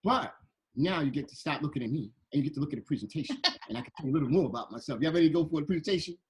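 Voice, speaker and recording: A man telling a playful, animated story to children, slipping into voices as he goes, on a video call. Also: fairly high pitch, very fast, background noise. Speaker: guest illustrator and storyteller.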